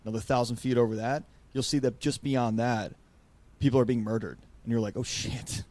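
A man hosting a podcast, talking in a rambling, animated way and acting out quotes. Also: mid-range voice, fairly quick. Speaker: podcast host. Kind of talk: casual podcast conversation.

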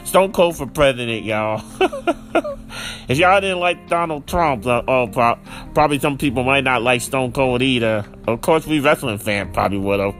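A man talks casually on his solo podcast, rambling and restarting often. He is lively and laughs easily, and his pitch sits in the middle range. Faint music plays under his voice. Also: normal speed. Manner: rambling, with many fillers and restarts. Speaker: podcast host.

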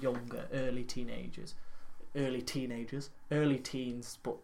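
A man's voice: medium pitch, flat delivery, unhurried, gravelly, darkish tone. Rambling, opinionated young-sounding man. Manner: rambling, opinionated, laughs often. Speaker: podcast co-host. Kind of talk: casual chat.

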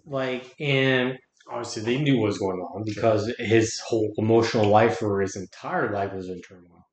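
A man's voice: fairly low pitch, normal speed, a little hiss or hum. A man talking as a podcast guest, earnest and reflective, often restarting his words. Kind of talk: casual conversation. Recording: roomy echo.

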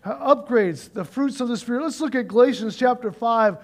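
Very high-voiced male pastor preaching. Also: brisk. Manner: casual, animated, leads the congregation in call-and-response. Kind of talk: sermon.

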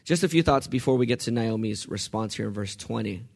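A man teaching a Bible passage in an expository sermon, animated and full of rhetorical questions, swinging between loud and hushed. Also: medium pitch, fairly quick, gravelly.

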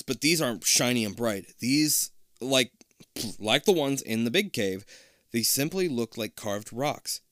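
A man's voice: mid-range voice, fairly bright tone, smooth, dry recording, studio quality. A man reading a choose-your-own-adventure book aloud casually, swearing and joking between passages. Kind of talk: casual comedic read-aloud.

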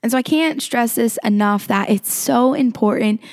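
A woman's voice: on the high side, moderate pace, a little mellow. A woman giving a sermon in a conversational, earnest way, with frequent filler words. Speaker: preacher.

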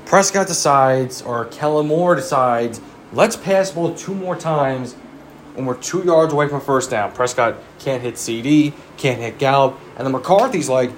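A man's voice: fairly high pitch, a little hiss or hum. A man giving a profane, exasperated sports rant as a fan commentator, firing off rhetorical questions.

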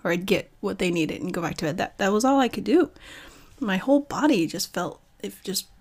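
A woman's voice: medium pitch, expressive, fairly quick, a little mellow. A woman in her thirties, an author and mother, speaking candidly and reflectively in a personal monologue, often restarting her sentences. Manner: earnest, reflective, with frequent restarts. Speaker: author sharing personal story.

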